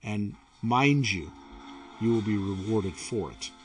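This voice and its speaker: A man voicing an earnest female colony mayor who pleads and persuades in a measured way. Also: fairly low pitch, lively intonation, pitched below the performer's own voice. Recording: voice from away from the mic.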